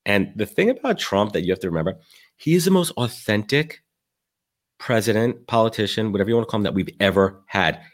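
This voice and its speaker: A man hosting a podcast, telling rambling, animated stories with many restarts in casual talk. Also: fairly low pitch. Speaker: podcast host.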